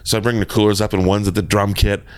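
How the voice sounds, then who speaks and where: Guy with a low voice telling a wild story, swears a lot, dead dry sound. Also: fast talker, clear, resonant tone, dry recording. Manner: animated, swears freely, acts out voices in quotes. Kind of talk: casual storytelling.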